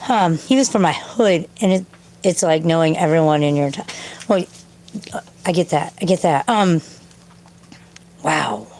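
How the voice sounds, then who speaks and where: A woman's voice: deep voice, measured pace, pauses often. A woman hosting a casual livestream from home, rambling and swearing as she answers chat. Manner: profane, rambling, talks to chat and yells at her cat. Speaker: livestream host reading chat. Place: home, indoors.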